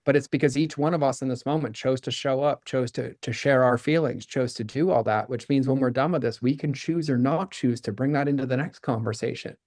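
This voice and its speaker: A middle-aged man in candid interview talk, earnest and running on in one long flow of "like" and "right?". His voice sits at an ordinary pitch for a man. The recording is close and dry, with no room sound. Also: darkish tone, dry recording. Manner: earnest, fast-flowing, filler-heavy with "like" and "right?"; acts out quoted dialogue with his son. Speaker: podcast guest.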